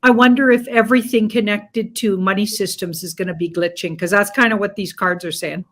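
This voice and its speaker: Female tarot reader, casual live-show talk, rambling delivery, average pitch. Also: steady tone, brisk. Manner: rambling, hedging with "like". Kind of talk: casual tarot reading chat.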